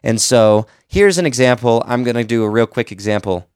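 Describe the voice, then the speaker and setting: A man's voice: mid-range voice, animated, fairly quick, darkish tone, smooth, dry recording, studio quality. A man and podcast host giving casual, conversational advice on editing, explaining with examples. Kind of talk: casual instructional talk.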